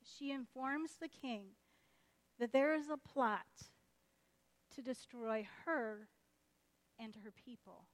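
A woman preaching a sermon as lively, chatty storytelling, acting out the characters' voices. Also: a little high, takes it slowly, long pauses. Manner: animated, chatty, acts out voices.

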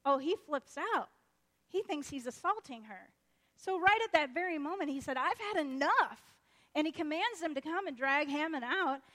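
High-voiced woman preaching a story. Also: normal speed. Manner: animated, chatty, acts out voices. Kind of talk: sermon storytelling.

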